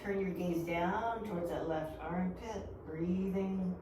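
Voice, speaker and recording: A woman in her fifties guiding a yoga class with calm, gentle step-by-step cues. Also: fairly low pitch, takes it slowly, background noise. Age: 50s. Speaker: yoga instructor. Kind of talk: guided yoga class instruction. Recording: echoey room, mic far off.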